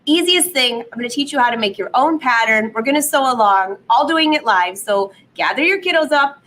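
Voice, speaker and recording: A woman hosting a live sewing vlog from her home studio, slightly hoarse from a cold, chatty and upbeat, laughing at her own jokes. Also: fairly high pitch, animated, fairly quick, bright, forceful tone, slight background noise, rough recording. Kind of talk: casual live stream chat.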